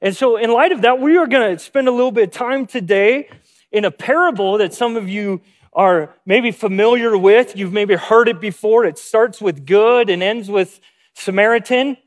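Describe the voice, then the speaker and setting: Speaking at a moderate pace in a high-pitched voice, a pastor starts his sermon with a storytelling anecdote. He voices the people in it as he quotes them.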